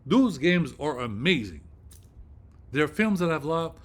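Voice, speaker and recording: Male vlog host, excitable profane rambler, slightly high voice. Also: unhurried. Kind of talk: casual vlog rant.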